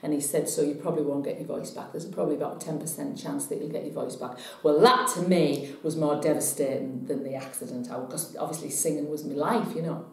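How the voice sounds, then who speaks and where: A woman telling a personal story to camera in a chatty, animated way. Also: sits low, brisk, gravelly, few pauses. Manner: chatty, animated when retelling. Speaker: psychic vlogger. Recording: very echoey room.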